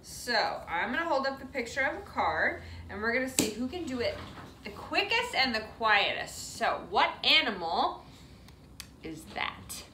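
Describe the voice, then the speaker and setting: Animated woman teaching kids' yoga. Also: a little high, measured pace, slight background noise. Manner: playful, sing-song, coaxing, with animal sounds. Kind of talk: leading a kids' yoga class. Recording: roomy sound from a distant mic.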